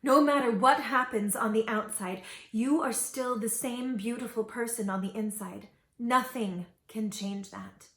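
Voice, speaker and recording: A woman's voice: a little high, a little slow, fairly bright tone, reverberant. A woman voicing a loving queen mother who speaks tenderly to her daughter. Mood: soothing. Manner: tender, soothing.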